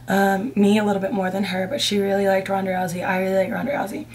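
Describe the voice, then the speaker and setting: A woman's voice: mid-range voice, monotone, quick pace, darkish tone, slight background noise. Candid young woman telling a rambling story. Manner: candid, rambling, heavy use of "like". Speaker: vlogger. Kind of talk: casual storytime.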